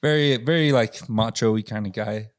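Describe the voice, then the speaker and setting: A man with a lowish voice hosts a podcast, talking at a normal speed as he tells rowdy stories in a casual, profane way. He laughs often and does voices for the people in his tales. The recording is dry and of studio quality.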